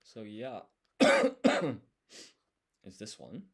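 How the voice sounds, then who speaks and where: A man's voice: on the low side, animated, extremely slow, vocal fry. A man streaming his language study, talking himself through each step as he writes. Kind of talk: thinking aloud while writing.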